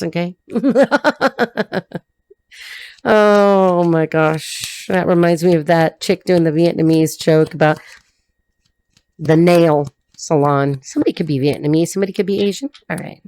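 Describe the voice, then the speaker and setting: A woman's voice: on the low side, warm tone, dry recording. Blunt, foul-mouthed woman tarot reader. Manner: blunt, profane, laughs often. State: voice cracking. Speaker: tarot reader and life coach. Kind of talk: casual tarot reading to camera.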